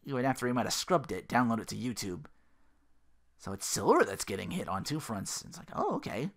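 A man giving a casual, rambling episode recap, swearing freely and quick to laugh. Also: fairly low pitch, very animated, gravelly. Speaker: show recap host.

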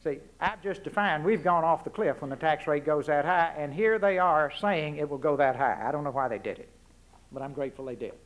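A man's voice: a little high, fairly quick. A man with a Texas accent speaking before an audience at a forum, giving a folksy political speech full of punchy rhetorical questions and asides. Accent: Texan. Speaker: guest speaker.

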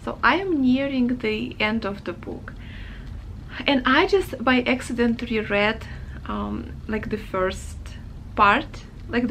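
A woman's voice: medium pitch, creaky, fairly bright tone, a little hiss or hum, low-quality recording. A woman book vlogger reflecting thoughtfully on a novel, hedging with many fillers as she works out her thoughts. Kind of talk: reflective reading-vlog chat.

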